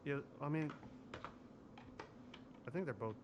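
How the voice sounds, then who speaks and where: Loud excitable man, higher voice. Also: slow pace, dull audio, a little hiss or hum. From Kansas, USA. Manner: loud, excitable, swearing, many restarts. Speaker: role-play streamer. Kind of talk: casual in-game role-play chat.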